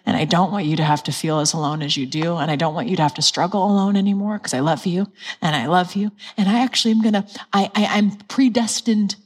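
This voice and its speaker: A woman giving voice to a tender, loving Holy Spirit that speaks softly and earnestly. The voice sits a touch low and stays reassuring throughout. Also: fairly even intonation, fast talker, husky.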